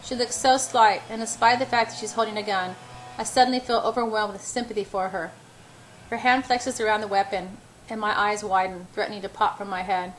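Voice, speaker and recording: A woman's voice: mid-range voice, fairly even intonation, a little fast, a little hiss or hum, rough recording. A woman reading a first-person novel aloud in an unpolished way, stumbling over words and correcting herself. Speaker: audiobook reader.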